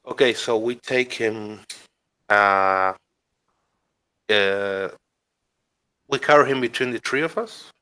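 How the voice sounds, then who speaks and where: A man's voice: fairly low pitch, slow pace, long pauses, bright, forceful tone, smooth. A man playing a tabletop game, talking casually and hesitantly as he decides his moves. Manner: hesitant, many fillers while deciding. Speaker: player.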